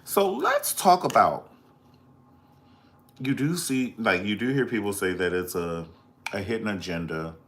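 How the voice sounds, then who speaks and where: A man hosting a casual pop culture commentary, profane and dramatic, breaking into high squeals when he quotes people. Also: sing-song, a little slow, pauses often, fairly bright tone. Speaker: host.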